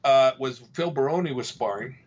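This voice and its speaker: A man's voice: medium pitch, moderate pace, highs cut off. A man, a fight coach, telling gym stories in a casual chat. He repeats himself and acts out what other people said. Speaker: fight coach and podcast guest.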